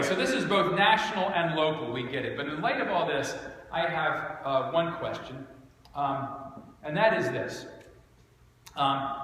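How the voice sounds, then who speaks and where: A man's voice: medium pitch, a bit bright. A male pastor with a southern New Jersey accent, preaching a sermon with sarcastic, mock-outraged humor. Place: church sanctuary. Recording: echoey church hall with faint noise.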